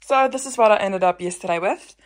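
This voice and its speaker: A woman's voice: medium pitch, brisk. A young woman, chatting earnestly in a casual home vlog, full of fillers and restarts. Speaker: vlogger.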